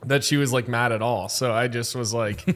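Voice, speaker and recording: A man who tends bar tells a story in casual podcast chat, animated and full of "like", swearing freely. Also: mid-range voice, moderate pace. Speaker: bartender. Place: bar venue.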